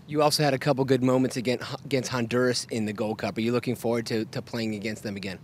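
Male host, brisk and teasing, talks very fast, mid-pitched. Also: level tone, darkish tone, slight background noise. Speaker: interview host. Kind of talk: quick-fire interview questions.

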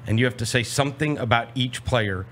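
A man's voice: mid-range voice, brisk. A man hosting a sports talk show in a studio, teasing his guests and bossily running the segment in casual chat. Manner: animated, bossy and teasing, runs the segment. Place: broadcast studio.

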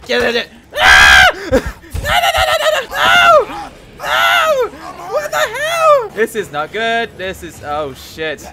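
A man's voice: high-pitched, creaky, bright, forceful tone. A man giving panicky, giggly gameplay commentary as a gaming YouTuber. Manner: panicky, giggly, self-mocking.

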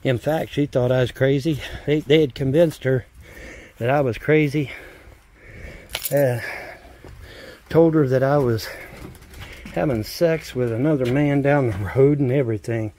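A man with a mellow, mid-range voice rambles casually while filming himself outdoors beside a mobile home, speaking a little slowly and pausing often. He's a vlogger filmed by a commentator, and in this casual self-filmed vlog he drifts off topic and uses baby talk with dogs.

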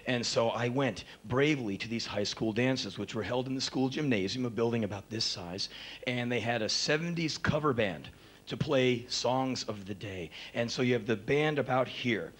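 A middle-aged man telling stories live on stage, animated and acting out the people in them, building to excited outbursts. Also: mid-range voice, moderate pace, slightly rough. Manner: animated, acts out voices, builds to excited shouts. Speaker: spoken word performer. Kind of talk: live spoken word storytelling. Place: live stage before an audience. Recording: live concert recording with faint crowd noise.

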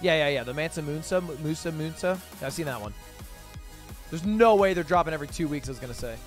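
A fast-talking man in his twenties with a voice on the high side streams while chatting casually with viewers. He reads their messages aloud and fires back profane, sarcastic jokes, with faint music behind him.

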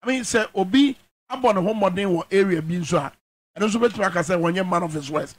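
A man's voice: sits high, brisk. A man with a Ghanaian accent hosting a political talk show, probing his guest in a mix of a local language and English. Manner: probing, backchannels often.

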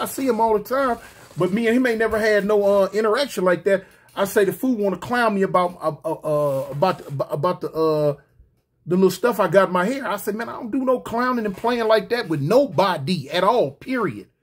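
A man's voice: high-pitched, husky. A man casually telling a street story in slangy talk, repeating himself and acting out quoted dialogue. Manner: slangy, repetitive, animated retelling with quoted dialogue.

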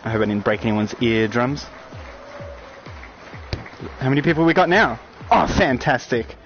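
A young man giving excited, swearing let's-play commentary on a shooting game. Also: mid-range voice, moderate pace. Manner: loud excited outbursts, swearing, jokey. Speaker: gaming YouTuber. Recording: slightly dull lo-fi audio with loud game music.

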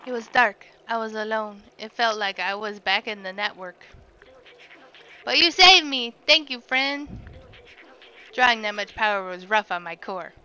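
A woman reading out the lines of a small gentle male robot companion in a soft, plain tone. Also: mid-range voice, unhurried, clear, resonant tone, highs cut off. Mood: grateful.

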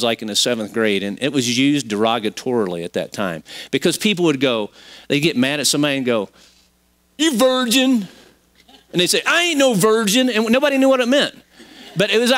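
A man's voice: mid-range voice, fairly bright tone. A man preaching a sermon as pastor to his congregation in a church, talking conversationally and acting out quoted voices, with emphatic rising peaks. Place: church sanctuary.

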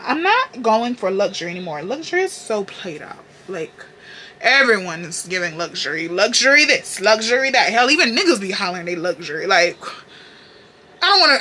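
A young woman from the Carolinas with a Southern accent talks through her makeup routine like she's chatting with friends. Her tone is bright and forward, full of sass, slang and cheerful swearing. She sounds close to the mic in a room at home. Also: medium pitch, slight background noise. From North Carolina, US. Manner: sassy, profane, playful slang. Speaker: beauty vlogger. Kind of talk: casual makeup tutorial chat.

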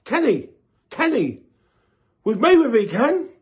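Man, high voice, boxing channel host, animated swearing rant. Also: a little slow. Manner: animated, swearing, repeats himself, rising to shouts. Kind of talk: casual boxing opinion rant.

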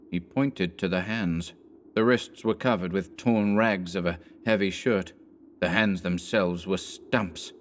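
Deep-voiced man narrating horror. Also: a little hiss or hum. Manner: measured, dramatic storytelling.

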